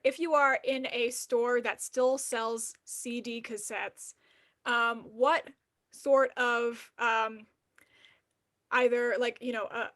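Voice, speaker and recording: Woman interviewer, slow and halting, bright tone. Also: fairly high pitch. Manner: halting, many fillers. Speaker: improv performer asking interview questions. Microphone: video call.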